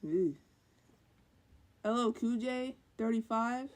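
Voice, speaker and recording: A woman's voice: on the high side, slow pace. A woman co-hosting a podcast in casual chat, blunt and sarcastic. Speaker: podcast co-host.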